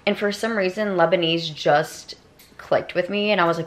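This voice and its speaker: Chatty woman vlogger, lowish voice. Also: steady tone, normal speed, poor audio. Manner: chatty and bubbly, lots of "like" and "um". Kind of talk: casual day-in-the-life vlog chat.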